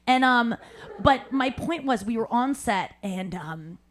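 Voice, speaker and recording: A woman hosting a live podcast, telling an animated story and acting out other people's lines, laughing often. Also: a little high, slow pace, a little hiss or hum. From St. Louis. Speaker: podcast host. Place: live show at a cafe.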